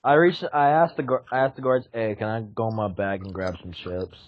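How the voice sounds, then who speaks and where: A man's voice: lowish voice, a little fast, dull audio, very noisy, close to an everyday voice. A man voicing a dim-witted, hungry redneck man with a put-on Southern drawl, whining and pleading. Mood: whiny. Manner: lively, whiny pleading.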